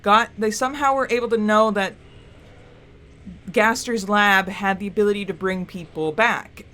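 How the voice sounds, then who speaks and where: A woman's voice: mid-range voice, fairly bright tone. A young woman playing through a video game on her channel, exasperated at herself and rambling through theories. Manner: exasperated, self-scolding outbursts and rambling theorizing. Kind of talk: let's play commentary.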